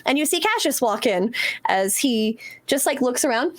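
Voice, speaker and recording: A woman's voice: fairly high pitch, very animated, brisk. A woman narrating as game master of a tabletop game, laughing often and swearing casually.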